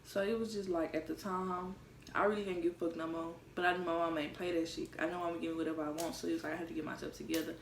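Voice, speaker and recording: A woman's voice: lowish voice, flat delivery, racing, slight background noise. A young woman vlogging, telling a personal story in a candid, profane, conversational way. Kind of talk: casual storytime vlog. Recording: roomy, mic set far off.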